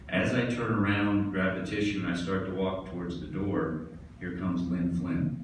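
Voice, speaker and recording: Deep-voiced man telling stories in echoey hall. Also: fairly even intonation, moderate pace, slight background noise. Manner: storytelling, laughing at his own jokes. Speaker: tennis pro giving an induction speech. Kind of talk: anecdotal acceptance speech. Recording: distant echoey hall recording.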